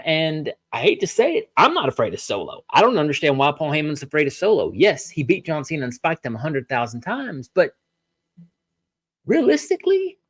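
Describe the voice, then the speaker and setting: A man hosting a solo wrestling review podcast, ranting with many rhetorical questions and pausing to apologize for his tangents. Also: medium pitch, no room sound.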